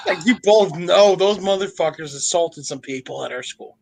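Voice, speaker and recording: A man's voice: high-pitched, normal speed, vocal fry, noisy background. A young adult man co-hosting a podcast, telling crude, profane stories in casual banter and laughing often. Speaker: podcast co-host.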